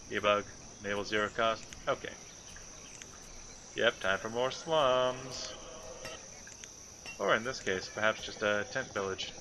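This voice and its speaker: A man's voice: mid-range voice, noisy background. A man giving casual, thinking-aloud commentary while playing a city-building game. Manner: muttering to himself, thinking aloud. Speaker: gameplay commentator.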